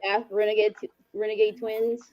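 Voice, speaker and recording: A woman's voice: mid-range voice, flat delivery, normal speed, dark tone. A woman from Louisiana, a podcast guest chatting casually and laughing easily. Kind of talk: casual chat.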